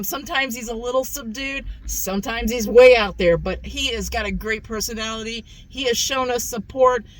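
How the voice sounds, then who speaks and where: A woman's voice: mid-range voice, a little hiss or hum, rough recording. A woman hosting a casual food review vlog, chatty, repeating herself and calling her viewers "guys". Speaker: food review channel host.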